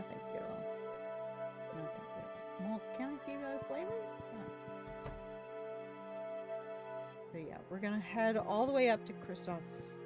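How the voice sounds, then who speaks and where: An easygoing woman talks through a cozy farming game, musing aloud in a relaxed, chatty way. Her voice sits at a middling pitch. Soft background music plays quietly behind her. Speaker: gaming streamer. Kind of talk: casual gameplay commentary. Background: faint music.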